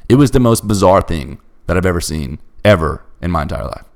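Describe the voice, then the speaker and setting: A man's voice: low-pitched, lively intonation, fairly quick, vocal fry. A young man telling a bizarre personal story in a casual chat, emphatic and restless. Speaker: storyteller guest.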